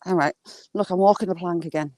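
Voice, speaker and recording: A woman chatting casually on a walk by the water, filming on a handheld phone and cooing at ducks in a high sing-song voice. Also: steady tone, fast, darkish tone, no echo. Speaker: vlogger. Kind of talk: casual walking vlog. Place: outdoors by water.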